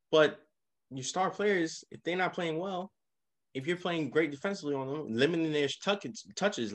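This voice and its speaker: A man co-hosting a casual sports podcast, walking through game recaps with lively emphasis. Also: fairly high pitch. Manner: animated, leads the game recaps. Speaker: podcast co-host.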